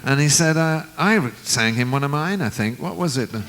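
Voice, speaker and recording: A man in his seventies, a guest musician, telling an anecdote in an unhurried way and acting out the quoted dialogue. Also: fairly high pitch, lively intonation, a bit bright, faint music behind, low-quality recording. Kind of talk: anecdotal storytelling.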